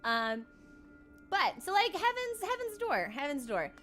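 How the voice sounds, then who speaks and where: A woman streaming a game, chatting casually and telling animated stories full of "like" and quick laughs. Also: high voice, faint music behind. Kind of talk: casual live-stream chat.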